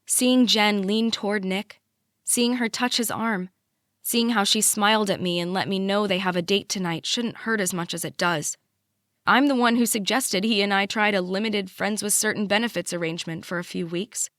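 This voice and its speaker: A young adult woman narrating a first-person audiobook in a measured, emotive way. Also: mid-range voice, steady tone, fairly bright tone, no room sound, clean studio sound.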